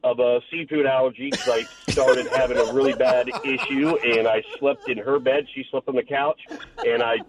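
A man's voice: medium pitch, fairly even intonation, normal speed, a crowd in the background. A man calling in to a radio show, telling a personal story in a matter-of-fact, wry way. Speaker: caller. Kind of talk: telling a story on a phone call. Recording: dull lo-fi line with faint noise.

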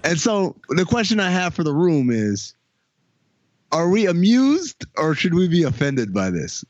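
Dull-sounding podcast host, dry mic. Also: male voice, fairly high pitch, very animated, a little slow, darkish tone, dry recording. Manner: storytelling, reads jokes aloud with laughs. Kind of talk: casual podcast chat.

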